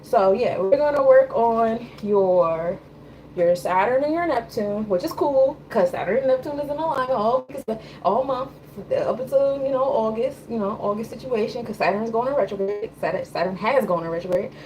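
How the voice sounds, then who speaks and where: A woman's voice: a little high, moderate pace, a little mellow, slight background noise, rough recording. A woman giving a loose, conversational tarot and astrology reading. She often checks in with her listener. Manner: loose, conversational, repeats "you know what I'm saying". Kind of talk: casual live reading.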